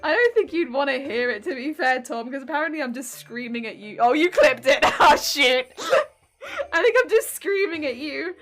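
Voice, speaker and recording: A chatty British woman on a live stream whose high voice swings all over the place as she giggles through her crafting. Soft music plays faintly underneath her. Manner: giggly, chatty, often bursts out laughing. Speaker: cosplay streamer. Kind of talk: casual live-stream chat while crafting.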